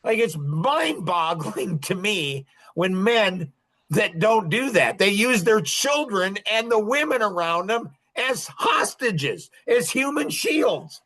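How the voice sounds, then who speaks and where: A man's voice: high-pitched, big pitch swings, takes it slowly, a bit bright. A middle-aged man hosting a podcast, talking in an impassioned, repetitive monologue and breaking into short laughs. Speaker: podcast host.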